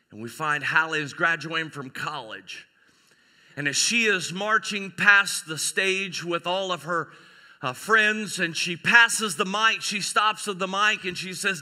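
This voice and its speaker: A man pastor preaching a sermon, telling an animated story and acting out the people in it. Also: fairly high pitch, moderate pace. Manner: animated storytelling, voicing characters in a skit. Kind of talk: sermon with acted illustration. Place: church sanctuary. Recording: church sanctuary with long reverb.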